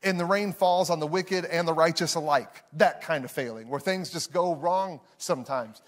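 Pastor guy, kinda high voice, chatty sermon, tells stories on himself, repeats words a lot. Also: normal speed. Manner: conversational storytelling, self-deprecating, repeats words. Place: church, preaching to a live congregation.

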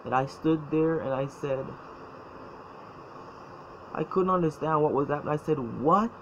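Halting, emotional man, lo-fi recording. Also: on the high side, fairly even intonation. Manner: halting, repeats words, emotional. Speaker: former church member telling his story. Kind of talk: personal testimony. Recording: dull lo-fi sound, faint noise.

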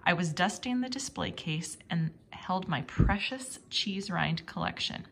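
A woman reading a children's storybook aloud in an expressive, animated way. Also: lowish voice, measured pace, creaky, a little hiss or hum. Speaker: storybook reader.

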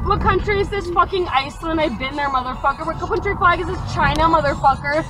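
Brief: high-voiced young woman passenger, loud, giddy and foul-mouthed, heavy car noise. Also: fast, hardly any pauses, far from the mic, over a noisy crowd. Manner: loud, giddy, swearing, shouting game answers. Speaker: rideshare passenger. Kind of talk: rowdy casual chatter. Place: inside a car at night. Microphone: dashboard camera.

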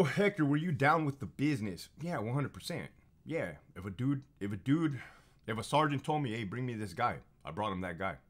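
Profane, fired-up man telling stories. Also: lowish voice. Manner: profane, emphatic, repeats phrases for effect; heated and confrontational. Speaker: former prison officer telling stories. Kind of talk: casual monologue storytelling.

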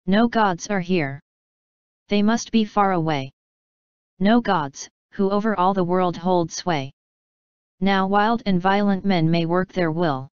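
A woman's voice: fairly low pitch, slow, smooth, no room sound, highs cut off. A woman reading a story aloud voices a virtuous young wife mourning her husband's fate. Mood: mournful. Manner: mournful, pleading.

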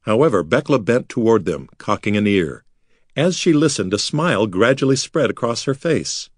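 A man reading a fantasy novel aloud as an expressive audiobook narrator. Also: lowish voice, normal speed, dry recording, clean studio sound. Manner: lively, expressive storytelling.

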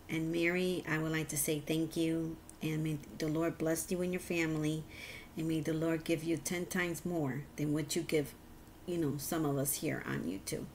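Woman crafting vlogger, low voice, slow gentle unboxing talk, faint fan hum behind. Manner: slow, gentle, religious and thankful. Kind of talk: casual unboxing chat. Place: hot home room with a fan behind.

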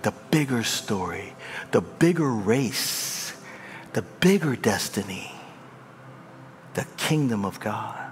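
A man's voice: fairly low pitch, expressive, slow pace, pauses often, soft background music. A male pastor preaching a sermon, impassioned and conversational, with a long hall reverb on the voice. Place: large church hall.

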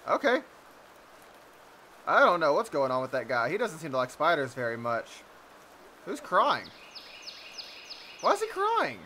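A young man giving jokey, excitable commentary over a game he's playing, often yelping in surprise. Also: on the high side, normal speed, pauses often, a little hiss or hum. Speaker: let's play host. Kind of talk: gameplay commentary.

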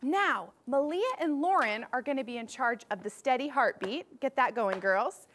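A young woman teaching a children's music lesson, cheerfully leading warm-ups and call-and-response drills. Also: high voice, expressive, normal speed, slight background noise.

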